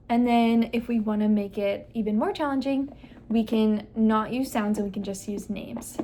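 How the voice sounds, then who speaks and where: Over a noisy background, a young female speech therapist with a higher-pitched voice demonstrates a listening game for parents. She explains each step in turn and stresses the key words with deliberate exaggeration.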